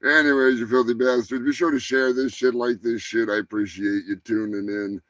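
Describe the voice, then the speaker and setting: A man hosting a live stream, rambling crudely through his sign-off and laughing as he talks, high. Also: fairly even intonation, brisk, a bit bright, no room sound. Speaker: host.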